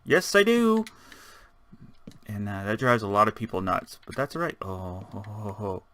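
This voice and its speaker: Man, fairly low voice, forceful edge, rambling let's-play commentary, muttering to himself. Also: a little fast. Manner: rambling, chatty, talks to himself while building. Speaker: gaming channel host.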